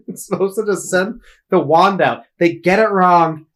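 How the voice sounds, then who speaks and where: Guy with kinda high voice, chatty podcast cohost, laughs a lot while nitpicking. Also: slow. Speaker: podcast co-host. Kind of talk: casual film discussion.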